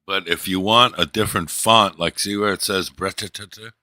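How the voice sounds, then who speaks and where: A man hosting a livestream, talking casually in a profane, joking way and telling stories with quick impressions of others. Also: deep voice, steady tone, pushed and bright, dry recording, studio quality. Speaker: livestream host. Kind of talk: casual rambling stream chat.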